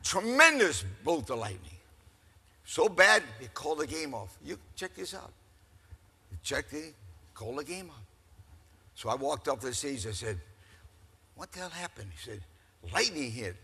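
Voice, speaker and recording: An older man giving a keynote speech, telling stories in an animated, folksy way to a crowd. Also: a little high, moderate pace, pauses often, slightly rough. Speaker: keynote speaker. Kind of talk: storytelling speech. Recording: echoey hall.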